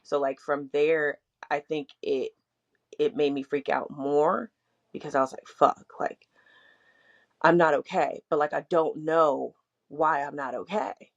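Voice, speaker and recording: A young adult woman co-hosting a podcast speaks unhurriedly in a low, creaky voice with fairly even intonation. Her candid, casual talk rambles, heavy on "like" and frank swearing. Sound quality is dull and lo-fi.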